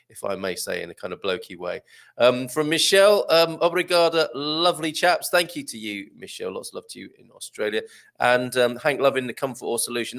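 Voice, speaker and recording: Lively, jokey male talk-show host. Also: mid-range voice, gravelly. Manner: jokey, chatty, animated. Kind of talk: live show chat, reading viewer comments.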